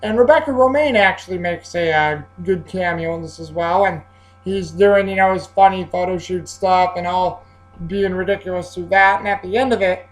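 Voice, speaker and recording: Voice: medium pitch, moderate pace, soft background music, rough recording. A movie reviewer giving a casual spoken film review, rambling along with many fillers and restarts.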